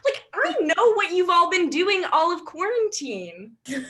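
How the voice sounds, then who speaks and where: A woman's voice: very high voice, unhurried. A young woman doing a stand-up comedy set, bubbly and giggly, laughing through her lines. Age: young adult. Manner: bubbly, giggly, animated delivery.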